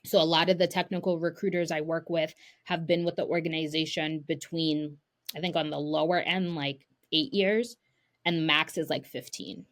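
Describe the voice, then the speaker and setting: Animated young woman telling stories. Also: sits low, moderate pace. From United States, of Haitian parents. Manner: animated storyteller, acts out quoted dialogue. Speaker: guest tech sourcer. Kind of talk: casual podcast chat.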